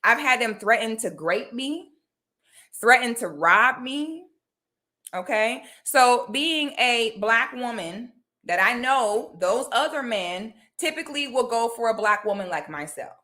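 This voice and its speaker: A woman from Florida talks straight to camera in a casual vlog. Her voice is bright and her delivery blunt and emphatic. She keeps checking in with her viewers, asking "okay?" as she goes. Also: on the high side, lively intonation, measured pace. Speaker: commentary vlogger. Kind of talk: casual direct-to-camera talk.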